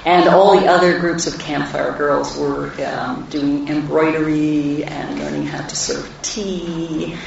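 Woman, low voice, gravelly, storytelling with dry wit, distant, dull, faint background noise. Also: steady tone, slow pace, hardly any pauses. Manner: warm anecdotal, wry humor. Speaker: speaker at a live talk event. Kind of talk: personal storytelling to an audience. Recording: echoey hall, distant mic, dull sound.

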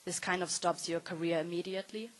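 A woman in her thirties with a fairly low voice speaks earnestly on a panel. She pauses with ums and restarts her sentences as she explains her work as a circus performer. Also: fairly even intonation, low-quality recording. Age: 30s. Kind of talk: panel talk.

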